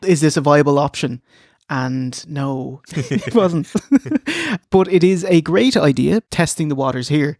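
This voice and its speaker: An Irish man co-hosts a review show, dry and sarcastic, often chuckling at his own remarks. His voice sits fairly high, and the sound is close and dry. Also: normal speed, darkish tone, no echo. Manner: wry, sarcastic, laughs between lines. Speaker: podcast co-host. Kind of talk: casual review chat.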